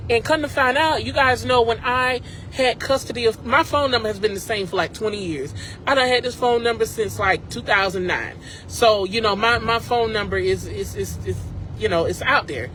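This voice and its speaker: A man's voice: sits high, moderate pace, pushed and bright, poor audio. An upset man sits in his car and vents to his viewers through a phone mic. He talks emphatically and circles back to the same points again and again. A faint hum of vehicle noise stays behind his voice. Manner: emphatic, repetitive, addresses viewers directly. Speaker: vlogger. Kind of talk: casual ranting to viewers. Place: in a car at a drive-thru.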